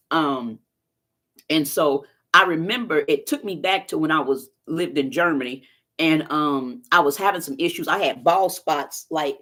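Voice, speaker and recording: A woman's voice: low-pitched, a bit bright. A woman chatting casually to viewers on a live stream, telling stories in a folksy, talkative way. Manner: chatty storyteller, talks straight to viewers, folksy phrasing. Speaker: vlogger doing a live stream.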